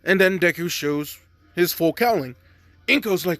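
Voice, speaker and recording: A man's voice: sits high, a little slow, a bit bright, no room sound. A man casually retelling a fan story, rambling with lots of fillers.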